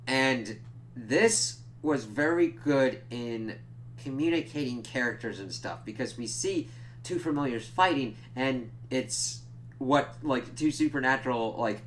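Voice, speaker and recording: A man's voice: medium pitch, a little slow, slight background noise. A young man casually recapping a TV episode for a spoiler review, rambling and swearing often, with lots of filler "like"s. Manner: rambling, profane retelling full of "like".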